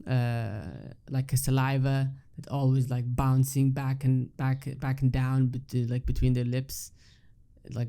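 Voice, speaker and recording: Gravelly young man with an Arabic accent. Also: medium pitch, mellow. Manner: rambling, full of fillers and restarts, swears casually. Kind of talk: casual monologue.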